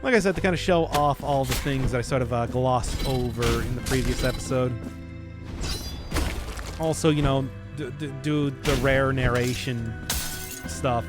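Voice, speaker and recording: A man's voice: medium pitch, normal speed. A man with a Midwestern accent giving casual, self-mocking commentary while streaming a game. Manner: rambling, self-mocking, lots of fillers and restarts. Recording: music playing behind.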